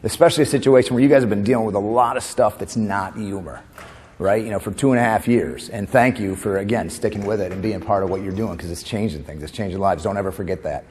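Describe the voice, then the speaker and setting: A man from New York doing a stand-up comedy keynote at a conference, animated, tossing in quick asides and laughing at his own jokes. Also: fairly low pitch, a little hiss or hum. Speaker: comedian and motivational speaker. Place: conference hall stage. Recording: long hall reverb.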